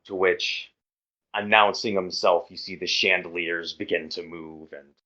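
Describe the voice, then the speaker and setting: Slow low-voiced male game master. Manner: relaxed, hesitant narration with fillers. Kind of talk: narrating a tabletop game. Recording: muffled lo-fi audio.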